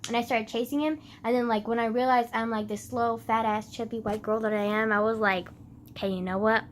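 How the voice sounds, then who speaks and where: Young woman vlogger, high voice, rambling and self-mocking, close phone mic. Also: level tone, brisk, slight background noise. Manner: rambling, self-mocking, swears often, fillers everywhere. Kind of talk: rambling casual monologue.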